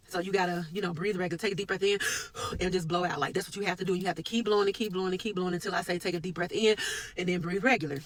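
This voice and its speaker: A woman talking earnestly about her work and her faith in a personal vlog, with sudden lifts in pitch and force. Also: sharp tone, no echo, rough recording. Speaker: medical worker sharing a personal reflection.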